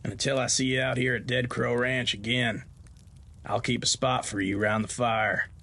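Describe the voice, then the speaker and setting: A male podcast host narrates a Western horror tale in a folksy, homespun way. His voice sits at a middle pitch for a man. He tells the story at an unhurried, storytelling pace. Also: flat delivery, pushed and bright, slight background noise.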